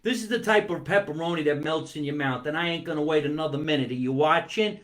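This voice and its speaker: Eating as he talks, this man runs a comedy talk show out of his basement, streaming a playful monologue live and stretching words for laughs. He speaks fast, with a slightly high voice.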